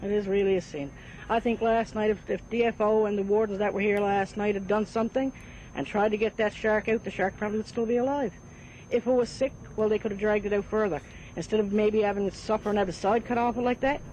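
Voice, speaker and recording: A man's voice: sits high, fairly even intonation, quick pace, darkish tone, a little hiss or hum, rough recording. A man interviewed in a news clip, speaking indignantly and assigning blame. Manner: indignant, blaming. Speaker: interviewed local witness.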